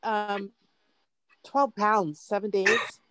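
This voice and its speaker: A woman's voice: mid-range voice, little pitch movement, drawn-out words, crowd noise. A woman on a video call sharing her experience in an emotional, tearful but overjoyed way. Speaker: program participant on a call. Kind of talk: casual testimonial.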